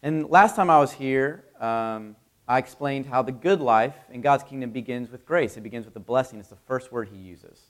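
A man preaching a sermon in a conversational way, with fillers, growing louder and more forceful when he reads scripture aloud. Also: mid-range voice, normal speed. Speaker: pastor.

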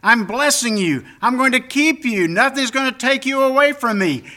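A man's voice: very high-pitched, expressive, normal speed, sharp tone, voice pushed up, exaggerated voice. A man voicing God as a loving fatherly deity, speaking in emphatic, reassuring declarations.

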